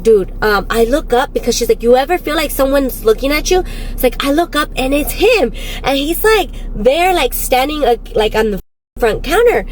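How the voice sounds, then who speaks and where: A woman casually retelling a friend's strange story in an animated way, quoting her often and swearing now and then. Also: fairly high pitch, slight background noise. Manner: frequent laughter and swearing.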